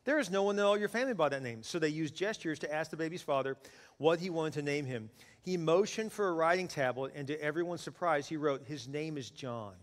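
A man preaching a sermon to a congregation, lively and joking, building to loud peaks. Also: on the high side, fast. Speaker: pastor. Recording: long hall reverb.

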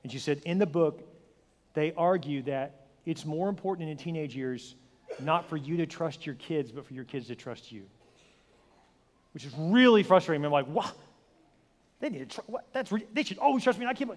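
Animated preacher man in a reverberant hall. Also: fairly high pitch, moderate pace, long pauses. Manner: animated storytelling, acts out dialogue with shifting voice. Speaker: pastor. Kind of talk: sermon. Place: large church hall.

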